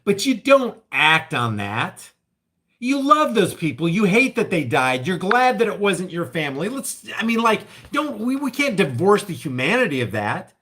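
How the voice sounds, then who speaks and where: High, bright-voiced man ranting. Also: sing-song, normal speed. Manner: emphatic, acts out mocking voices of others. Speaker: vlogger. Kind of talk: ranting commentary vlog.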